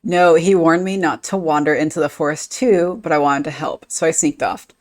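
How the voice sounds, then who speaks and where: A woman's voice: deep voice, steady tone, normal speed, close to an everyday voice. A woman voicing a contrite young village girl, reading game dialogue aloud.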